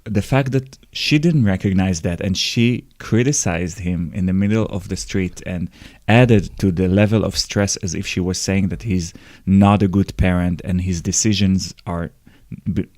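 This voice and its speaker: A man's voice: deep voice, normal speed, darkish tone, no echo, clean studio sound. A man hosting a podcast, talking earnestly with frequent restarts. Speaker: podcast host. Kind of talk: casual chat.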